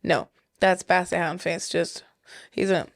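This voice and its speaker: A woman's voice: on the low side, a little slow, no room sound, studio quality. A woman co-hosting a casual couple podcast, telling stories with lots of giggles and fillers. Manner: giggly, animated storytelling with many fillers. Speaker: podcast co-host.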